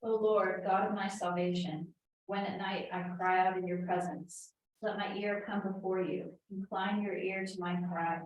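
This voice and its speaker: A woman in a church class reading a psalm aloud in a steady, even way. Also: lowish voice, normal speed, lo-fi sound, slight background noise. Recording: distant voice in a very echoey room.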